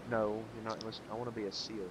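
A man's voice: fairly low pitch, monotone, rapid-fire. An American man joking and teasing his friends in casual banter while playing an online game over a headset. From United States. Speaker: gamer in a voice chat. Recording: noisy gaming voice chat.

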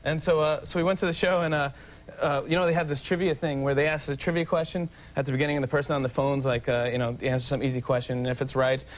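Excitable young man telling stories. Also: fairly high pitch, fast. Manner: excitable, rambling storytelling with many fillers. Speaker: talk show guest. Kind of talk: casual chat.

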